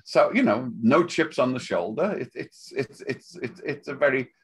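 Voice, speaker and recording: An older man with a Liverpool accent, chatting as a guest in a relaxed interview, wry and rambling, often laughing at his own jokes. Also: medium pitch, moderate pace, slightly rough. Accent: Liverpool (Scouse). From Liverpool, England.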